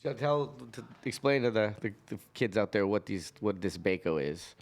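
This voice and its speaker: A man's voice: on the low side, expressive, normal speed. A man hosting a podcast, asking questions and joking along in a casual chat. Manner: easygoing, asks questions, jokes along. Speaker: podcast host.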